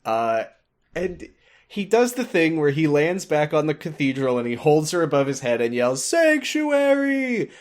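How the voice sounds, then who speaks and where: A man's voice: fairly high pitch, expressive, normal speed, a little mellow. A man hosting a podcast, recapping a video game in casual chat, rambling with many fillers and frequent laughs. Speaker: podcast host.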